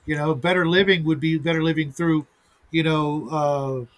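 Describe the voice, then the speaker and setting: A man hosting a relaxed group conversation. His voice sits a little high, and he thinks aloud and circles back on his words. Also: moderate pace. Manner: rambling, with many restarts. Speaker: host. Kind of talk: casual chat.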